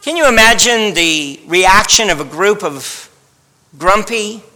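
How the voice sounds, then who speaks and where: A man's voice: sits high, expressive, slow pace, pushed and bright, long reverb tail. A man preaching a sermon in a wry, dramatic storytelling manner. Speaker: pastor.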